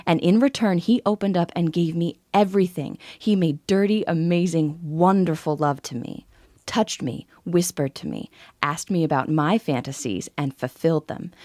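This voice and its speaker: A woman's voice: low-pitched, darkish tone, dry recording, clean studio sound. A woman in her forties narrating a scripted first-person sales story in an intimate, confiding way. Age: 40s.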